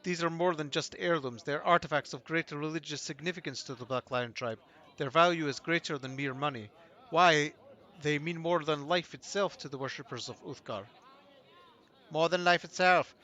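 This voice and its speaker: A man's voice: a little high, normal speed, bright, forceful tone. A man voicing a defiant tribal wife with a Russian accent, reading game dialogue aloud.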